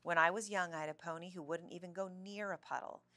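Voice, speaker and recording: Brief: woman reading a calm practical mom, low voice, gravelly, reassuring, storybook. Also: fast talker, no echo.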